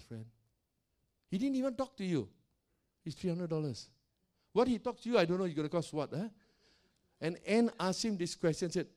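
Loud, animated older male pastor. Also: on the high side. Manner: animated, loud, laughs often; acts out quoted voices. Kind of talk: sermon storytelling.

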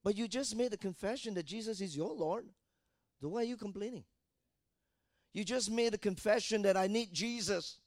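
A man preaching a sermon as pastor, asking rhetorical questions and building to shouted fervor. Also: sits high, normal speed, dry recording, clean studio sound.

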